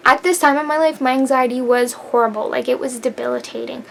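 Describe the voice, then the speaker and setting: A woman's voice: fairly high pitch, vocal fry, a little hiss or hum. A young woman vlogger telling a personal story in a casual, emphatic way. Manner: animated, emphatic, laughs while telling.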